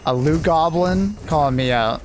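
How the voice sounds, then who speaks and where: A man's voice: a little high, normal speed, background noise. A man streaming a video game and chatting casually with a friend, loose and joking, swearing freely. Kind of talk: casual gaming chat.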